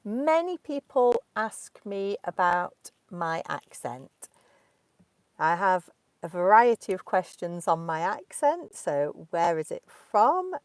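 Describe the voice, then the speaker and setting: A woman in her thirties with a Derbyshire accent, an English teacher answering questions from learners in slow, clear speech, recorded inside a parked car. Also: lowish voice, no echo. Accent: Derbyshire English, clearly spoken. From Derbyshire, England.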